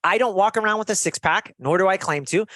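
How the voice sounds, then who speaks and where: A man's voice: sits high, fairly quick, no room sound. Earnest motivational man on a podcast. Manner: earnest, motivational, animated storytelling. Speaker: podcast guest, health coach. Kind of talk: conversational interview.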